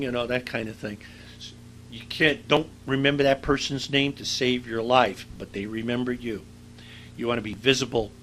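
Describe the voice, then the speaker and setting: A man's voice: medium pitch, steady tone, moderate pace, a bit bright, slight background noise, poor audio. A middle-aged man giving a university lecture in a conversational, anecdotal way, with frequent fillers. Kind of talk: recorded lecture.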